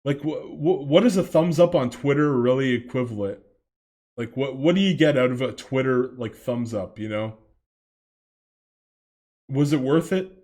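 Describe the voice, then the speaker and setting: A man's voice: mid-range voice, a little mellow. A man in his late twenties ranting in a reaction commentary, swearing a lot, rambling and laughing often.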